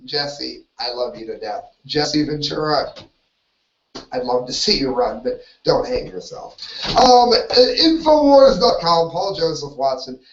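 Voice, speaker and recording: A man's voice: fairly high pitch, expressive, unhurried, a little hiss or hum. Opinionated male host, solo live show, dull distant lo-fi sound. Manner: rambling, opinionated, self-interrupting. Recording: roomy, distant, dull lo-fi audio.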